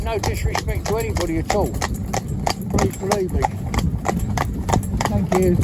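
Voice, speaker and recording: A man, a horse trainer, talks casually while working a horse out on a road, and he slips into soft, coaxing endearments for the animal. His voice sits a little high for a man. Loud outdoor noise and hoofbeats run behind him.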